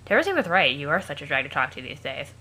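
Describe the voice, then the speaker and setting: A woman's voice: low voice, very animated, fast talker, pushed and bright, breathy edge, voice pushed down, exaggerated voice. A woman voicing an irritable, sarcastic young male troll in a crude, snide manner, close to her own voice.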